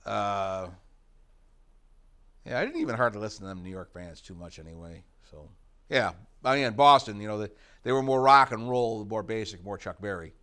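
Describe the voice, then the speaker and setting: A man's voice: on the low side, expressive, moderate pace, fairly bright tone. Rambling middle-aged man in casual interview. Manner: rambling, many fillers and asides. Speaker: interviewee, rock guitarist.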